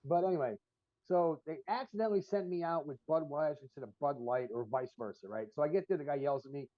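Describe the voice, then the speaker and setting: Profane, rambling podcast co-host. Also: male voice, on the high side, fast talker, no room sound. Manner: profane, rambling storytelling with many fillers. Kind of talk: casual chat. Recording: dull lo-fi stream audio.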